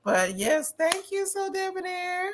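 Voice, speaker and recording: A woman's voice: very high-pitched, very animated, a little slow, a little hiss or hum. A woman hosting a casual gossip chat over a video call, chatty, easily amused and a little tipsy. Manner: chatty, easily amused, fumbles with screen sharing. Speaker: show host.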